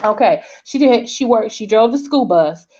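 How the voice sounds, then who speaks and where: Southern woman, forties, vlog host, animated storyteller, dull lo-fi sound. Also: fairly high pitch, normal speed, slightly rough. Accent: Southern American. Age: 40s. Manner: animated storyteller, acts out quoted voices, checks in with "okay?". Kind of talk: casual storytelling chat.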